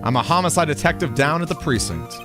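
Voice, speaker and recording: A gruff, eager police detective, voiced by a man in a game read. He talks brash and folksy, pushing his pitch up with bouncy swings. Game music runs clearly behind him. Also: animated, fast talker, natural voice. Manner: brash, folksy tough-guy talk.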